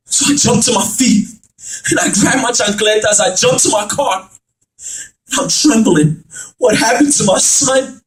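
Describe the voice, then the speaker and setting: A man performing dramatic spoken word poetry, rhyming and building up to shouts. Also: sits high, unhurried, long pauses. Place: church. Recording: echoey room, far from mic.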